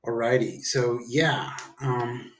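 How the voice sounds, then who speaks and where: A man's voice: mid-range voice, steady tone, takes it slowly, a bit bright, slight background noise. A man rambling through a profane, jumpy livestream monologue from home. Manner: rambling, profane, jumps around the story. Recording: echoey room.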